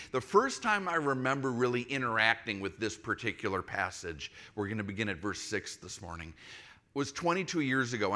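A man in his forties preaching a sermon in a relaxed, storytelling way with frequent restarts. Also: lowish voice. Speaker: pastor.

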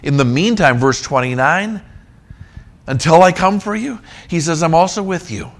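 A man preaching a sermon on scripture, emphatic, rising to near-shouts and dropping low. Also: normal speed. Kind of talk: expository sermon.

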